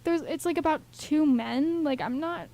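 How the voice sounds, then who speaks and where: A young woman co-hosting a radio show, talking in an animated, rambling way full of fillers. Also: high voice, moderate pace. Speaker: radio co-host. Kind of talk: casual radio chat.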